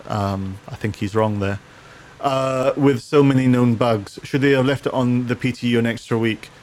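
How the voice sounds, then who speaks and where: A man's voice: mid-range voice, steady tone, normal speed, darkish tone. A man co-hosting a casual gaming chat, reading viewer comments aloud and often restarting his sentences with repeated words.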